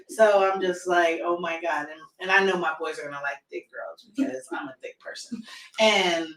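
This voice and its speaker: A woman guest on a podcast chatting casually, telling lively stories about her kids, acting out quotes and laughing often. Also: fairly low pitch, moderate pace. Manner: animated storytelling, acts out quotes, laughs often. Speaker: podcast guest, single sports mom. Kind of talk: casual chat. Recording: roomy sound, distant mic.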